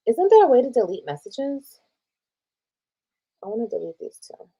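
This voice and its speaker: A Texas woman with a slightly high, husky, gravelly voice retells a personal drama on a casual livestream. Her tone is dark, her pitch swings widely and her pace is moderate. She reads old texts aloud, reacts as she scrolls and swears freely.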